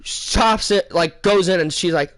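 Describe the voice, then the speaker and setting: Excitable young man rambling through a story. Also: high voice, a little slow, no room sound. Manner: rambling, excitable, lots of fillers and self-corrections. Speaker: gaming channel host. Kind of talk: casual storytelling to camera.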